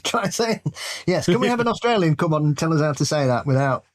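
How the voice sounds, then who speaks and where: A man's voice: a little high, expressive, fast talker. Man, podcast co-host, casual chat, jokey, rambling. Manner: jokey, rambling, laughs a lot.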